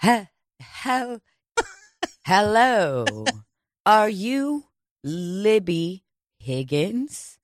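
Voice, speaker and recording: A woman voicing a stern, formal female process server who speaks slowly and officiously. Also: mid-range voice, very animated, no echo, clean studio sound. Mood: prim.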